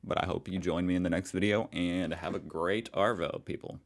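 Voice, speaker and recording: An American man hosting a reaction video, with a deep, low voice. He talks in a relaxed, chatty way and sounds amused throughout. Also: a little fast, vocal fry. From United States. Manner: chatty and amused, laughs easily. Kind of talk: casual chat.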